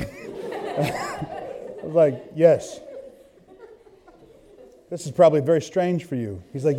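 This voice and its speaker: A man preaching a sermon, telling a story and then reading scripture, swinging from hushed asides to loud bursts. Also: a little high, expressive, slow, long pauses, slight background noise. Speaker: pastor.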